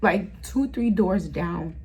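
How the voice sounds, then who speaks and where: Slow gravelly-voiced woman telling a story. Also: on the low side, a little mellow, low-quality recording. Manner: halting, repeating herself, voice rising and falling with feeling. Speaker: vlogger. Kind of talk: emotional story time.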